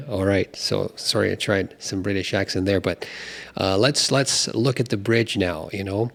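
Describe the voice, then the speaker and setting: Low-voiced chatty man hosting a music channel. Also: moderate pace, vocal fry. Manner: relaxed, chatty, many you-knows. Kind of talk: casual talk on song lyrics.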